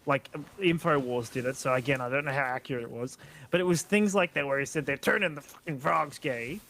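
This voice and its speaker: A man's voice: medium pitch, fairly quick, creaky, a bit bright. A young man co-hosting a casual podcast, joking around and laughing often. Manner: joking, laughs often, tries silly voices. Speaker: podcast co-host. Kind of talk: casual chat.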